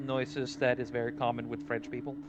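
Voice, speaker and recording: A man's voice: mid-range voice, little pitch movement, fairly quick, muffled recording. A man from Norway hosting a casual chat, brash and joking, with plenty of swearing. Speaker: podcast host.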